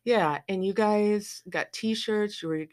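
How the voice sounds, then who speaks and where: A mother tells a family story in a casual, lively way, acting out quoted lines and adding sarcastic asides. Her voice is mid-range and she takes her time.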